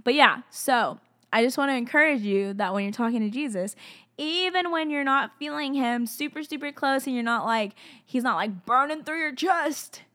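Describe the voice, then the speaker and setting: A woman's voice: on the high side, moderate pace, a bit bright. A young woman talking casually about her faith, rambling and giggly with lots of fillers. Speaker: faith podcaster. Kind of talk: casual devotional chat.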